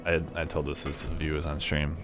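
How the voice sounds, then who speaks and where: Low-voiced man joking through a game. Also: fast, music in the background. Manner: relaxed, joking, rambling storyteller. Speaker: gaming co-host. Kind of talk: casual let's play chat.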